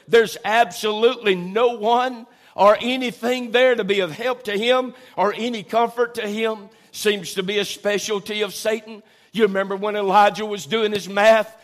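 A high-pitched male preacher delivers a sermon in church. He leans hard on his key phrases, drawing them out slowly, and mixes scripture with folksy asides to the congregation. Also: a bit bright. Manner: preaches with slow, drawn-out emphasis and Southern folksy asides. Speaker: pastor.

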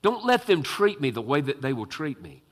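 A man's voice: on the high side, big pitch swings, normal speed. A man voicing a young man who pleads with his brothers not to sell him away. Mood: pleading. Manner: pleading, desperate.

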